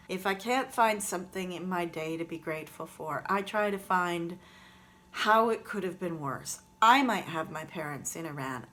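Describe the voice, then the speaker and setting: A woman's voice: medium pitch, fairly bright tone. A woman talking earnestly and reflectively straight to her viewers in a gratitude vlog, recorded on her phone camera. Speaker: vlogger.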